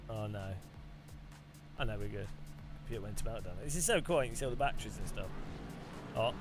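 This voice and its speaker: A man hosting a sim racing video, giving excitable, incredulous gameplay commentary with bursts of laughter. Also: fairly low pitch, fast. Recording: background music under voice.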